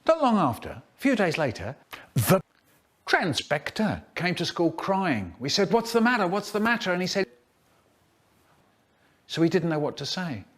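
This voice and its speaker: A slow, animated man with a fairly high voice tells a spliced children's story. His pitch swings widely and leaps into squeaky highs without warning. Some bits sound set back from the microphone. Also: slightly rough. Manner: animated, drawn-out words, sudden squeaky pitch jumps.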